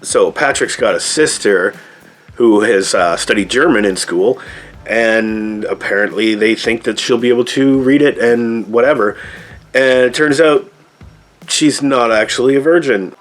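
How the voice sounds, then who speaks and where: A man's voice: mid-range voice, unhurried, soft background music. A man giving a casual movie review, talking loosely with lots of rambling asides. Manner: loose, rambling, frequent "like" and "I don't know" asides.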